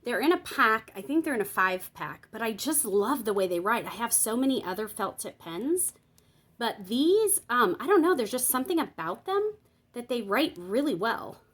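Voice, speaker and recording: A woman's voice: fairly high pitch, very animated, moderate pace, fairly bright tone. A woman giving a casual tutorial on Bible journaling, chatting and thinking aloud while she works, explaining each step and checking in with her viewers.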